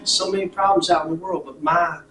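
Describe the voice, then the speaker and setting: A man's voice: fairly high pitch, fairly even intonation, brisk. A man performing stand-up comedy in a mock-preacher style, breaking into song over guitar. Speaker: comedian guest. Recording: roomy, a little distant from the mic, with guitar.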